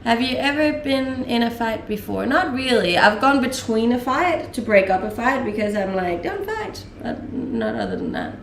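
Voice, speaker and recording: With a higher-than-average voice at normal speed and few pauses, a young Danish woman casually responds to viewer questions during a live stream. Laughter comes often, as do filler words. The audio carries a little hiss or hum, room echo, and a somewhat distant mic.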